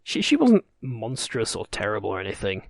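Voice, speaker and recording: A man's voice: fairly low pitch, wildly swooping pitch, brisk, gravelly, dry recording, clean studio sound. A man running a tabletop game, narrating in a rambling, wry way that corrects itself as it goes. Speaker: game master.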